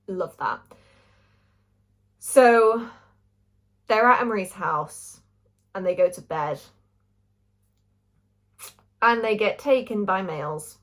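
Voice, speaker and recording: A woman's voice: medium pitch, unhurried, pauses often. Gushing young woman vlogger. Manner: gushing, animated, swears freely. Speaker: book reviewer. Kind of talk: casual chat.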